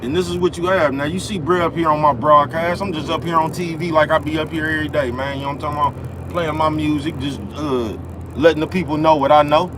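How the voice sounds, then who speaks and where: A young man hosts a livestream outside in the cold near traffic, his voice a little high, fast, and fairly even in intonation. He rants in a loose, profane, repetitive way, constantly asking "you know what I'm talking about," while faint traffic hums behind him.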